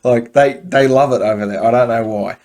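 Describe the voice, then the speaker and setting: A man's voice: medium pitch, steady tone, a little fast, darkish tone. A man with an Australian accent hosting a casual podcast, giving blunt, swear-laden opinions with plenty of fillers. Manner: blunt, profane, offhand commentary with frequent fillers. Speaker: podcast host.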